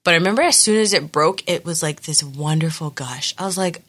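A young woman telling her birth story in casual chat, animated and full of fillers. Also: low voice, brisk.

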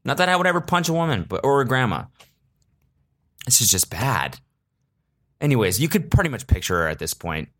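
A man's voice: medium pitch, sing-song, fairly quick, pauses often, fairly bright tone. A man hosting a podcast, telling a rambling comic story in a casual, sarcastic way, swearing freely and joking before taking it back. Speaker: podcast host.

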